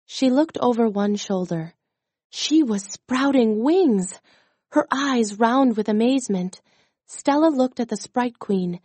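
A woman narrating a children's storybook chapter in a slow, careful, clearly enunciated reading style. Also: a little high, expressive, darkish tone, dry recording. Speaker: audiobook narrator.

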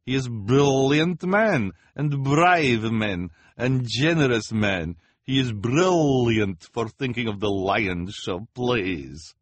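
A man's voice: mid-range voice, slow, few pauses, dry recording, voice pushed up. A man voicing a fawning woman fortune-teller who speaks broken English and keeps saying "please". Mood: adoring. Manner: flattering, repeats "please".

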